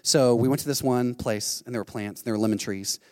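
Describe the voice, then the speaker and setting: Animated man preaching in a reverberant hall. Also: medium pitch, a little fast. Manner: animated storytelling, acting out quotes. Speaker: pastor. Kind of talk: sermon.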